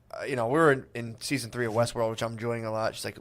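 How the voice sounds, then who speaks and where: A man's voice: medium pitch, fairly even intonation, fast, a bit bright. A man co-hosting a comedy podcast in casual chat, rambling with restarts and dry quips. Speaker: podcast co-host.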